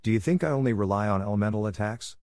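A man's voice: fairly low pitch, rapid-fire, a little mellow, no room sound, studio quality, natural voice. A man voicing a determined young male hero who speaks earnestly. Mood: confident. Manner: earnest, strained by injury.

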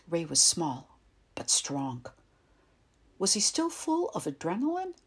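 A woman narrating a first-person story in a quiet, tense, measured way. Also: fairly low pitch, breathy edge.

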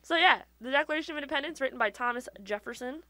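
Podcast co-host, slightly high voice, chatty and explanatory, lots of fillers. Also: female voice, racing, pushed and bright, no room sound. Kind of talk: casual podcast chat.

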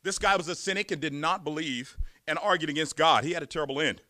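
Man, preacher, sermon, high bright voice, emphatic, rhetorical questions, dry close sound. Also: fast, dry recording.

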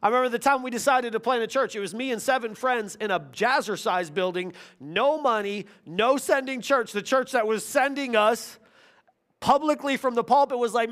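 A pastor preaches a sermon in a notably high voice for a man. He tells his stories earnestly, building to loud stretches and then dropping to near-hushed tones. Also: expressive, moderate pace.

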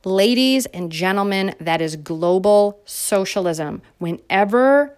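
A woman's voice: medium pitch, expressive, slow, a little mellow. Woman ranting to her viewers, sarcastic and fired up. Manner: sarcastic, indignant, mocking. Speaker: political commentator. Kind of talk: opinionated monologue to viewers.

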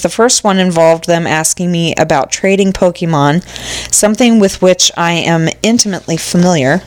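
A woman co-hosting a casual podcast, reading listener stories aloud and reacting with exclamations. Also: mid-range voice. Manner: animated, reacts with exclamations and swearing.

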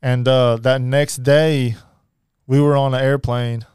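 A man telling his life story as a podcast guest, halting, with many fillers and restarts. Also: mid-range voice, level tone, darkish tone, smooth, no echo, clean studio sound. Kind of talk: personal storytelling.

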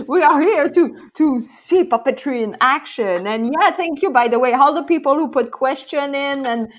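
A woman hosting a casual video-call interview, with friendly, halting phrasing. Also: high-pitched, expressive, a little hiss or hum. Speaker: interview host.

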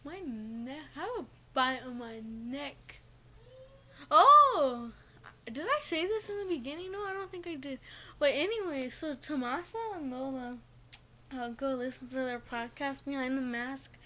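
A high-pitched young woman with a bright, clear voice chats on her homemade podcast from her bedroom. She tells stories in a giggly, exasperated way. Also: unhurried. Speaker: podcast host. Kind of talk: casual home podcast chat.

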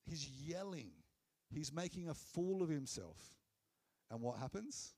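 A man's voice: lively intonation, measured pace. Earnest male preacher. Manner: earnest and conversational, dropping low and soft on key phrases. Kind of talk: sermon.

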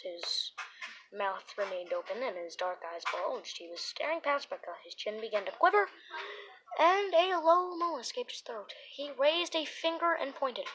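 A woman reading a children's horror book aloud, with dramatic, expressive storytelling and the occasional restart. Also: a little high, a little hiss or hum, poor audio. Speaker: narrator.

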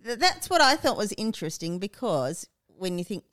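A woman's voice: mid-range voice, big pitch swings, normal speed, fairly bright tone, no room sound, studio quality. Chatty middle-aged Australian woman. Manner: chatty, explains at length. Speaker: guest, co-host's mother. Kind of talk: casual podcast chat.

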